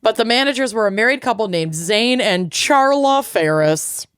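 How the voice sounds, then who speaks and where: A woman's voice: fairly high pitch, lively intonation, moderate pace, fairly bright tone, clean tone, dry recording, clean studio sound. A woman co-hosting a podcast, casually retelling a true crime case and reading out court quotes, with some swearing. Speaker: podcast co-host.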